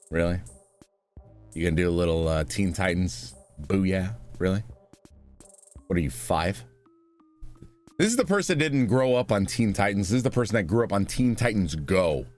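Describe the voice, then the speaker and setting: A sarcastic man talking through a reaction video in a low voice. His pitch jumps around a lot as he mocks, trips over restarts and scoffs. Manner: sarcastic, scornful, rambling with restarts. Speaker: reaction commentator. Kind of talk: mocking reaction commentary.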